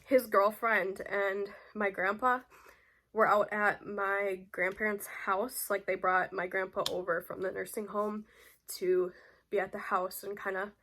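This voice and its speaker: A woman's voice: medium pitch, flat delivery, a little slow, pushed and bright. A young woman vlogging casually to camera, rambling with many fillers and restarts. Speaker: beauty vlogger.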